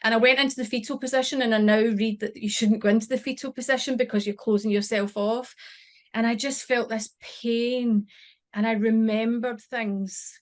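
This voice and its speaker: Middle-aged lady on a podcast, kinda high voice, emotional, keeps restarting sentences. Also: fairly even intonation. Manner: emotional, halting, with many restarts. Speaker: podcast guest. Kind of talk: personal storytelling.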